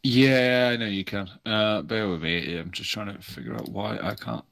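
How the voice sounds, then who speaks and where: A man's voice: on the low side, moderate pace, fairly bright tone, no room sound. A man running an online tabletop game as game master, talking casually and swearing freely while he sets up the map.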